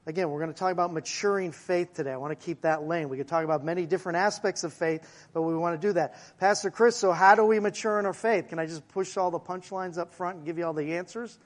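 High-voiced male pastor preaching. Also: steady tone, fast talker, hardly any pauses. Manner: conversational preaching with asides to the congregation and slide operator. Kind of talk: sermon.

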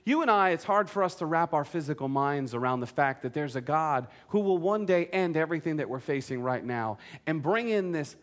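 A man preaching a sermon, earnest and direct, asking the congregation questions and joking in between. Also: fairly high pitch. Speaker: pastor.

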